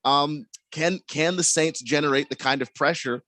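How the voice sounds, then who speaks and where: A man's voice: a little high, normal speed, bright, forceful tone, no room sound. Stammering male sports radio co-host. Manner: analytical, stammers on first words. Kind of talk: sports talk radio analysis. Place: radio studio.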